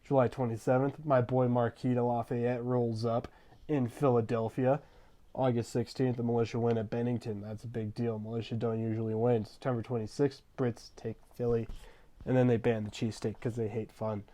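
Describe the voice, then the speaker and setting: Young man, slangy comic narration, deadpan asides, casual gamer talk. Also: mid-range voice, normal speed. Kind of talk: comedic history narration over gameplay.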